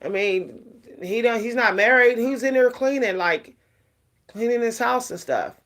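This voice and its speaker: A woman's voice: a little high, lively intonation, a little slow, fairly bright tone. A middle-aged woman vlogging casually about self-care, talking frankly and rambling with lots of fillers.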